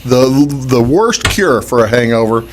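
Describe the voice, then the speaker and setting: A man hosting a casual talk show, chatting in a halting way with many fillers and restarts. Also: medium pitch, lively intonation, slight background noise. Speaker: host. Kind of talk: casual radio-style talk show chat.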